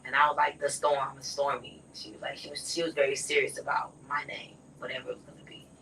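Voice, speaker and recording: A woman telling a personal story in a casual conversation, often dropping to a soft near whisper. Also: a bass voice, flat delivery, fast, creaky, distant mic, a little hiss or hum, poor audio.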